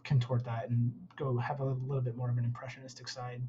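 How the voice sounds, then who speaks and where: A man's voice: mid-range voice, completely flat delivery, fast, warm tone, lo-fi sound, a little hiss or hum. A man who works as a concept artist, speaking as a guest in a casual interview and rambling with many fillers.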